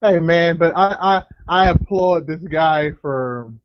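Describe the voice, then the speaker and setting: A man co-hosting a casual podcast, introducing segments in a measured way. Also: on the high side, clear, resonant tone, no echo. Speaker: co-host. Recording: dry dull lo-fi recording.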